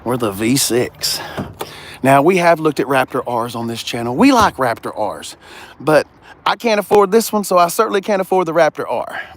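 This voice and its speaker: Fairly quick and sing-song, the slightly high voice belongs to a Southern-accented man from the US. A car vlogger at a dealership lot, he rambles, cracks jokes and gets sidetracked in his casual video.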